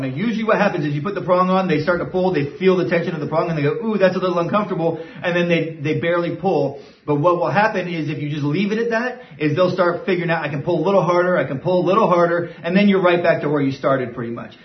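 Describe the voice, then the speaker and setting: A man who trains dogs gives a casual, step-by-step lesson and often checks in with "right?". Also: on the high side. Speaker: dog trainer. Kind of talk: instructional talk. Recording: dull, roomy sound from a distant mic.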